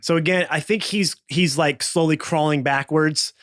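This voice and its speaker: A man running a tabletop game as game master, calmly narrating rolls and what happens. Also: a little high, normal speed, no room sound, clean studio sound. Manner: calm, narrating rolls and outcomes.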